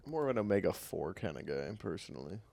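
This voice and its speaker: A man's voice: sits low, sing-song, fast talker, gravelly, a little mellow, dry recording. A young man co-hosting a podcast, telling jokey stories in casual chat and laughing through them. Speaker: podcast co-host.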